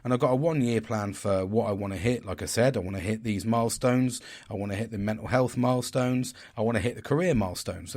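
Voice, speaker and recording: A man, speaking in a frank, rambling way and swearing freely as he hosts a candid personal talk. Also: lowish voice. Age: 40s. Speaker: podcast host.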